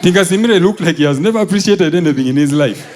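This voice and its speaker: Brief: young Ugandan man doing stand-up, lively storyteller who acts out characters. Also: high-pitched, fast, a little hiss or hum. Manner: animated storytelling, acting out characters, laughing. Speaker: stand-up comedian. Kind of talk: stand-up comedy set.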